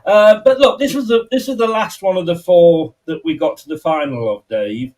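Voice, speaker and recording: A chatty male host steers a casual football discussion on a fan panel, his voice fairly high for a man. He sits a little back from the microphone, so he sounds slightly distant. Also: normal speed, darkish tone. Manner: chatty, leads the discussion, laughs easily. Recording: voice a bit distant from the mic.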